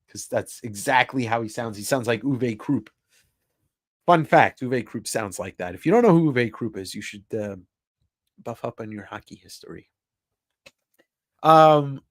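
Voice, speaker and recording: A man's voice: mid-range voice, animated, moderate pace, no room sound, studio quality. A man hosting a casual live stream, chatting with his viewers, reacting to their comments, laughing and swearing freely. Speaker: livestream host.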